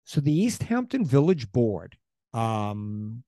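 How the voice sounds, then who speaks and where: Chatty man, mellow and dry. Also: medium pitch, very animated, takes it slowly, no echo. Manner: chatty, rambling with restarts and asides. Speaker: podcast co-host. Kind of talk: casual chat about local history.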